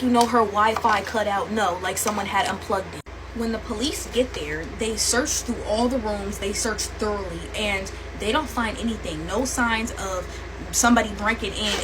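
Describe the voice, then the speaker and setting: Woman retelling a scary story, noisy background. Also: mid-range voice. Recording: clear background noise.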